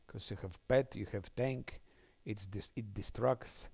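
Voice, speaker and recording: Gravelly man cursing at a game. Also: lowish voice, a little slow, darkish tone, no echo. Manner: swears angrily, mutters under breath. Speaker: game streamer. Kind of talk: live gameplay commentary.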